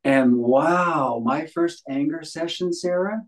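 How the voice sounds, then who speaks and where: A man appears as a guest in a conversational podcast interview, speaking earnestly and emphatically and often repeating phrases for stress. His voice is on the high side and he talks slowly. The audio quality is poor.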